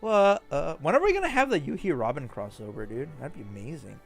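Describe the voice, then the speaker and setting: A man's voice: on the high side, big pitch swings, brisk, vocal fry. A young man casually streaming a game, chatting and reading story lines aloud in a playful manner. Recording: faint music under the voice.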